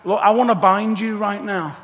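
A man's voice: high-pitched, steady tone, moderate pace, fairly bright tone. A man voicing a flustered, anxious apostle who protests in a whiny, exasperated way. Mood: fretful. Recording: echoey hall reverb.

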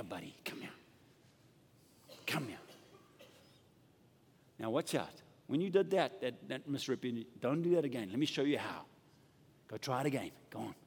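A man preaching a sermon in a church, acting out quoted voices and dropping to soft asides. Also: fairly high pitch, breathy edge. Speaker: pastor. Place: church sanctuary. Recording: long hall reverb.

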